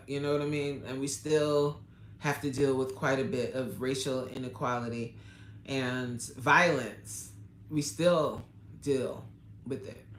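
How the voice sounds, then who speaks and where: Hosting a relaxed live chat, this fitness coach responds to viewers' comments emphatically and candidly, with frequent laughter. She speaks in an extremely low pitch. Slight background noise and faint ambience sit in an echoey room.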